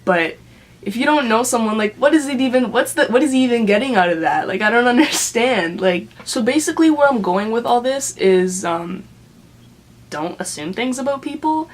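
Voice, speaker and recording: A woman's voice: fairly high pitch, expressive, normal speed. A young woman from Canada telling a story to camera in a casual, chatty rant, full of fillers and laughing mid-sentence. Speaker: vlogger.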